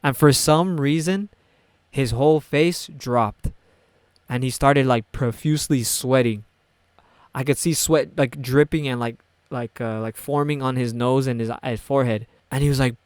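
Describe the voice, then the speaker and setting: A man's voice: medium pitch, a little slow, darkish tone, clean tone, no room sound. A young man casually telling a story, rambling and swearing as he goes. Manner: rambling, profane, full of "like" and restarts.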